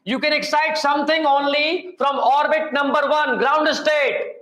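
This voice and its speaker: A man with an Indian English accent teaching a chemistry class, energetic and repetitive, coaxing his students to answer. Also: extremely high pitch, unhurried, echoey room, low-quality recording. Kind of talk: classroom lecture.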